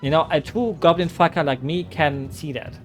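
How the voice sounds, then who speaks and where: A man's voice: a little high, normal speed, soft background music. A man streaming a game, chatting loosely with his chat, joking and rambling with lots of "like" and "you know". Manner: rambling, joking, many fillers.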